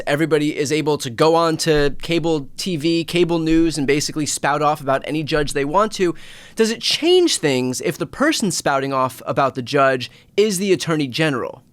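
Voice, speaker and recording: A male host whose slightly raised voice sounds close and dry, with no room around it. He keeps the talk conversational, sums up points briskly and adds a light joke. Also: on the high side, dry recording. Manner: conversational, quick to summarize, lightly joking. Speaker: show host. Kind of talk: conversational interview.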